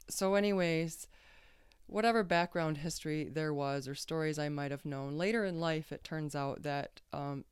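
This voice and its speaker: A woman's voice: low-pitched, clean tone, no echo, studio quality. A woman guest on a podcast telling a personal story casually, rambling and hesitant with many fillers and restarts.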